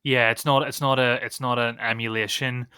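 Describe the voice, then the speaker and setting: A young man with a Northern Irish accent, co-hosting a casual film podcast and giving opinionated, animated critiques. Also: mid-range voice, normal speed, clean tone, no room sound, clean studio sound. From Northern Ireland. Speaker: podcast co-host.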